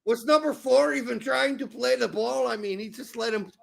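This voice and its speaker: A man co-hosting a live soccer watch-along stream, talking casually with lots of swearing and bursts of shouting. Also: very high-pitched, moderate pace, vocal fry. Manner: excitable, profane, bursts into shouting over goals.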